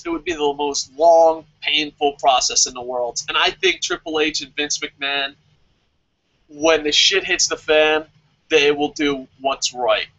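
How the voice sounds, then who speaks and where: A man with a bright, tense voice that sits a little high holds forth on his own vlog. He is animated and sarcastic, and he swears casually while answering viewer questions. The recording sounds dull and lo-fi. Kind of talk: casual opinionated commentary.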